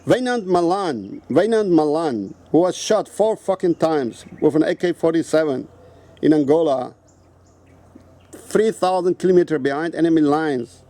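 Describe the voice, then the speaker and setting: A video host with a South African accent rants angrily and profanely into the camera, repeating himself as he confronts the person he's addressing. His voice sits on the high side, animated and warm, at a moderate pace.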